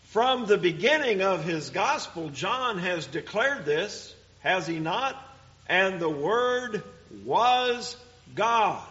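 A man preaching a sermon, teaching deliberately and emphatically and asking rhetorical questions. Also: high voice, bright, forceful tone. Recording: dull lo-fi recording.

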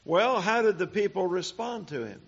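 A man teaching a Bible study sermon, speaking deliberately with "uh" pauses and rhetorical questions. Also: high voice, sing-song, creaky, husky, highs cut off.

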